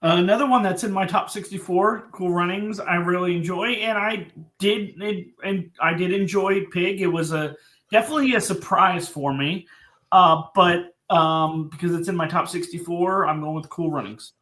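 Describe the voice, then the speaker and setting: A man's voice: high voice, moderate pace, sharp tone. A man giving his picks as a panelist, hesitant and filler-heavy. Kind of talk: casual group chat.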